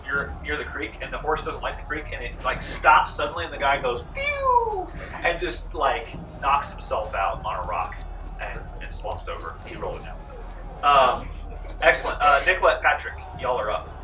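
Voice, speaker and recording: A man running a tabletop game as game master, telling the action with animated energy and shouting out the characters' lines. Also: mid-range voice, moderate pace, reverberant, far from the mic, background noise. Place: large room, library program.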